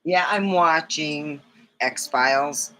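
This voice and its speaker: Woman streamer, relaxed rambling chat about her pet, slow delivery, slightly low voice. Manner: rambling and affectionate, talking to her cat. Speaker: livestream host. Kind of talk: casual chat on a livestream.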